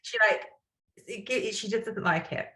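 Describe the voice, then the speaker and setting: A woman chatting quickly and openly on a podcast, often checking in with her listeners. Her voice sits mid-range and carries a noticeable roomy echo. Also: medium pitch, bright, forceful tone. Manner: emotional, quick, talkative, tags remarks with "right?". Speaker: podcast co-host. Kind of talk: casual chat.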